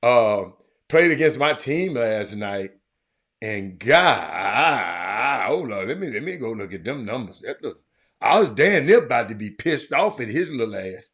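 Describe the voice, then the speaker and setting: A man hosts a sports talk show in a bright, forceful voice. He is loud and excitable, rambles from one point to the next, and swears now and then. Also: mid-range voice, measured pace. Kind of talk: casual sports commentary.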